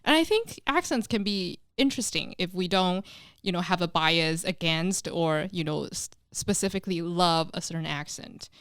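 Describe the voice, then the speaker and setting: A woman, an English teacher, talking in a casual podcast chat in a recording studio, lively and emphatic. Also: fairly low pitch, moderate pace, smooth, no echo.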